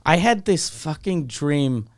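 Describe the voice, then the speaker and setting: A middle-aged man hosts a comedy podcast in a loose, swearing, story-driven chat. His voice sits a little high for a man and comes through smooth and clean. He jumps into the dialogue of his stories as he tells them. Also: takes it slowly. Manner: animated storyteller who acts out every line of dialogue; swears freely.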